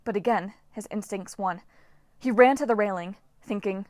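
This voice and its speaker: A woman reading a novel aloud as an audiobook narrator, with steady, dramatic storytelling. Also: medium pitch, moderate pace, no echo. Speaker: audiobook reader.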